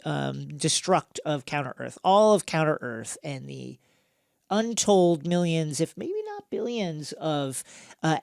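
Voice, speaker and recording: Gravelly-voiced male podcast host. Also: on the high side, dry recording, studio quality. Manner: animated storytelling with fillers. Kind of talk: casual film recap chat.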